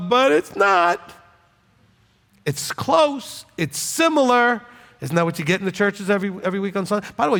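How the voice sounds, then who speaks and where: A male rabbi preaching in a blunt, chatty way, often checking in with his listeners. His voice sits high and swings widely up and down. It carries a long reverb, as if from a hall. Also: fairly bright tone. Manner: blunt, conversational, jokes and asks "okay?" often. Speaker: rabbi teaching scripture. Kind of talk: informal sermon teaching.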